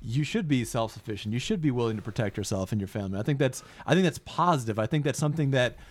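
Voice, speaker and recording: A man's voice: mid-range voice, lively intonation, fast talker. Earnest man chatting casually. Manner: earnest, swears casually, restarts phrases. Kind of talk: casual chat.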